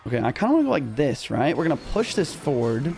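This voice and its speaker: A young man commentating his own live gameplay in casual slang, excitable and quick to yelp when rattled. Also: mid-range voice, creaky. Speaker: gaming streamer. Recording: music underneath.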